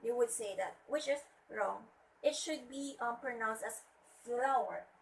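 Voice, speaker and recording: Young Filipino woman teaching, high voice. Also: recorded from a distance, rough recording. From Philippines. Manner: hesitant, many pauses and fillers. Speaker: student teacher giving a demo lesson. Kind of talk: classroom teaching.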